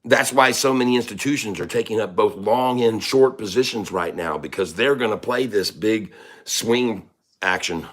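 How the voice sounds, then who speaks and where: A man with a fairly low voice hosting a casual live stream. He rambles to his viewers and calls hockey play-by-play in a loose, chatty way. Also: moderate pace. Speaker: live-stream host and commentator.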